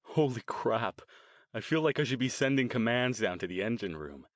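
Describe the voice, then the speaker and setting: A man's voice: medium pitch, sing-song, moderate pace, no room sound, lightly acted. A man doing a teasing, jokey young guy.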